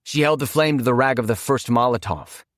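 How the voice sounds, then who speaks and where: A man narrating a horror audiobook in a measured, vivid storytelling manner. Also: medium pitch, fairly bright tone, no room sound, clean studio sound.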